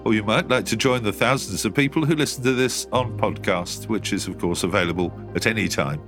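A man hosting a short radio devotional, reading scripture and telling a story in a calm, measured way. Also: lowish voice. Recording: dry studio voice over soft music.

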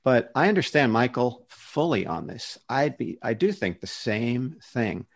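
A man's voice: mid-range voice, big pitch swings, measured pace. A man speaking earnestly in a casual discussion, defending a Christian view and often restarting his sentences as he searches for words.

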